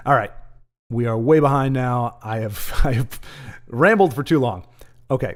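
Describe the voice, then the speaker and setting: A man's voice: medium pitch, slow. A man hosting a live card-game stream, rambling and ranting in casual chat between bits of game commentary. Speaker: stream host and caster.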